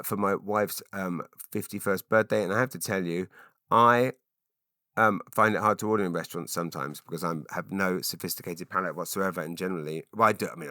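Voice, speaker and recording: Low-voiced, bright-toned man rambling. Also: no echo, clean studio sound. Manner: chatty, rambling, many ums and restarts. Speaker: podcast host. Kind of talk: solo rambling monologue.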